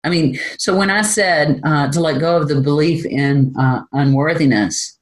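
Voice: medium pitch, normal speed, hardly any pauses, poor audio. Candid spiritual teacher who laughs often. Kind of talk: informal spiritual talk.

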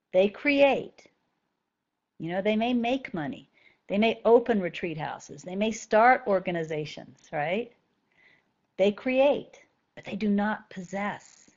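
A woman teaches a group in a relaxed, conversational way. She keeps checking in with her listeners and gets animated when she makes her points. The recording sounds a little dull and lo-fi. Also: medium pitch. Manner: conversational, often asks "right?". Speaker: spiritual teacher. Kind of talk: talk to a group of students.

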